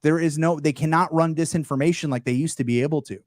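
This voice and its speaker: A young man of Palestinian heritage, a guest creator, talks in a casual panel chat, animated and profane. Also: fairly high pitch, fast talker, dry recording, studio quality.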